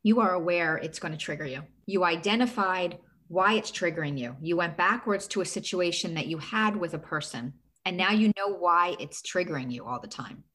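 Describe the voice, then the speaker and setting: A woman's voice: fairly low pitch, moderate pace, few pauses, a bit bright. A middle-aged woman coach giving earnest advice in a casual talk, walking through steps with a string of questions. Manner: earnest, explains step by step with rhetorical questions.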